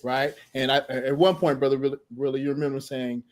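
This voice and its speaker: A middle-aged man telling a lively personal story as a podcast guest, laughing often and acting out the people in it. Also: medium pitch, brisk. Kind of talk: animated storytelling.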